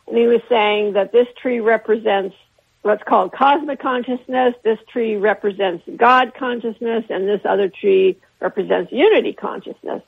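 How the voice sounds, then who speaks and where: A woman's voice: a little high, moderate pace, vocal fry, husky. Older woman telling stories over a phone line. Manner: rambling, with frequent restarts and laughter. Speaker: interview guest, artist. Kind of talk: anecdotal storytelling in an interview. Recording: phone-line interview on radio.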